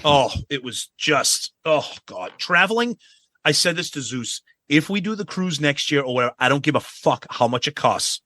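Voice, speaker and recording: A man's voice: a little high, big pitch swings, normal speed, sharp tone, dry recording. A man co-hosting a podcast, telling a travel story in a casual, profane way. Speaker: podcast co-host.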